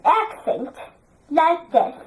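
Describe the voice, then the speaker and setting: A woman's voice: high-pitched, big pitch swings, very slow, rough recording. A woman teaching a class, drilling number sequences for pupils to repeat and praising them in a sing-song way.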